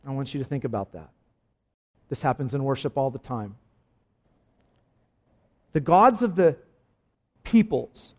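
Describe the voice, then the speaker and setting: A male pastor preaching a sermon emphatically, dropping to soft asides and rising to loud exclamations. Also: a little high.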